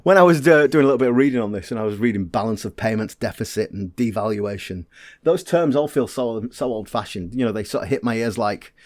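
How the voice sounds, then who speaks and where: A man's voice: lowish voice, lively intonation, fast talker, no room sound, clean studio sound. A man co-hosting a chat podcast, explaining from his research in a wry, casual way. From Britain. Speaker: podcast co-host.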